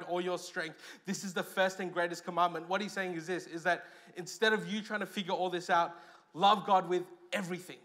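A man with an Australian accent preaching a sermon as pastor, lively, with loud stresses and quiet asides. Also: high voice.

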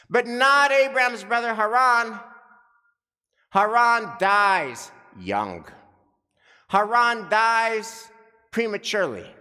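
A male preacher giving a sermon, talking deliberately and repeating phrases for emphasis. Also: high voice, pushed and bright, big-room sound.

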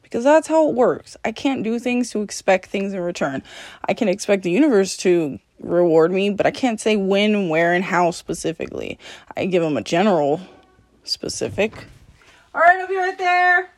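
A podcast host talks candidly on her own in a solo monologue, swearing freely, laughing often and mocking herself. Her mid-range voice is expressive and a little mellow, at a moderate pace.

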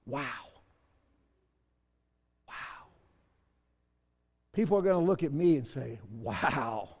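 A man pastor preaching a sermon, moving between soft asides and loud shouted bursts. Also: on the high side, animated, slow, gravelly, long reverb tail.

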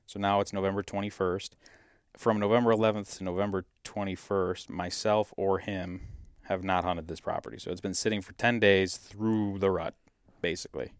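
A man from Michigan telling a hunting story in a casual, animated way, acting out what people said. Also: sits low, moderate pace, clean tone, no room sound, studio quality. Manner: animated, acts out quotes in his story. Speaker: podcast guest, hunter.

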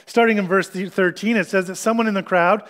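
A man with a notably high speaking voice delivers a sermon as a pastor. He explains scripture earnestly, working through it step by step with pauses and small restarts. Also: fairly even intonation, fairly bright tone.

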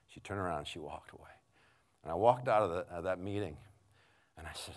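Deep-voiced male preacher telling a story. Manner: conversational, halting with many restarts, swinging from hushed to loud. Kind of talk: storytelling sermon.

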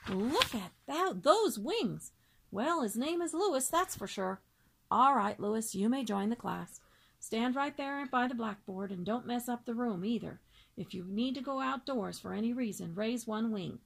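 A woman reading aloud and voicing a stern, brisk female first-grade teacher who talks in emphatic, commanding exclamations. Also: fairly high pitch, expressive, vocal fry, husky, heavily acted. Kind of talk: storybook read-aloud.

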